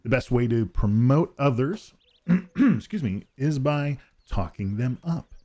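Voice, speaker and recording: A man's voice: mid-range voice, lively intonation, a little slow, warm tone. A man streaming a farming game, chatting casually with viewers, rambling, laughing often and restarting his sentences. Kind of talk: casual live-stream chat while gaming.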